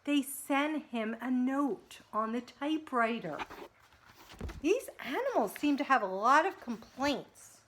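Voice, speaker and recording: Reading picture books aloud to a group of children, this preschool teacher sounds lively and sing-song, breaking off between pages to talk with them. Her voice sits high and she speaks slowly.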